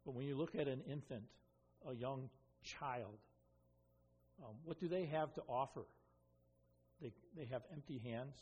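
A pastor giving an earnest expository sermon, with frequent ums and restarts. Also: male voice, mid-range voice, a little slow, long pauses, a little mellow, muffled recording. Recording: long reverb of a hall.

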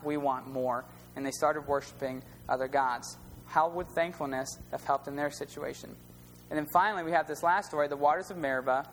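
A man's voice: on the high side, a bit bright. A man preaching a sermon in a conversational storytelling way, using plain everyday wording. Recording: long reverb with faint hum.

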